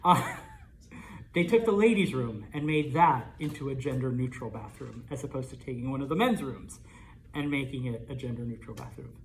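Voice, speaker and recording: A man's voice: mid-range voice, expressive, normal speed, vocal fry. A man teaching a Spanish class in a chatty way, laughing often and checking in with "okay?". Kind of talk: classroom lecture. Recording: roomy classroom from far off.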